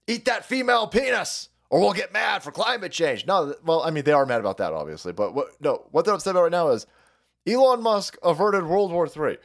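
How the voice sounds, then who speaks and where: A man hosting a rambling political stream, loud, mocking and foul-mouthed, laughing often between lines. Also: a little high, big pitch swings, brisk, gravelly. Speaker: streamer host.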